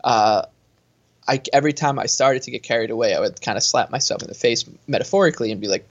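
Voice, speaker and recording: A man co-hosting a casual sports chat, telling his story in a rambling, self-interrupting way. His voice sits at a middle pitch, and the recording sounds muffled and lo-fi. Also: fast. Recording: dull lo-fi sound.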